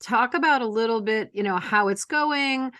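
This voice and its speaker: A woman's voice: fairly high pitch, normal speed, a bit bright. A woman hosting a casual interview, supportive and asking long, framing questions. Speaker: podcast host.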